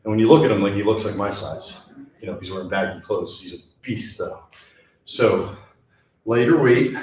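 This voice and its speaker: During a workout in a small gym, a young fitness vlogger chats casually, sighing and breathless between exercises. His voice sits on the low side with a darkish tone, in an echoey room with slight background noise.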